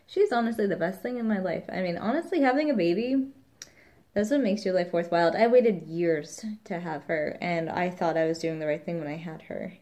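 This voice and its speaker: A woman's voice: on the low side, a little fast, dark tone. A woman, a new mother, chatting casually in a rambling vlog, quoting the people around her.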